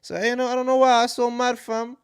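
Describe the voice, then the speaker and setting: A young man with a Caribbean accent, co-hosting a casual podcast and talking loudly and excitably, swearing freely. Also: very high voice, brisk, clear, resonant tone, dry recording, clean studio sound. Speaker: podcast co-host.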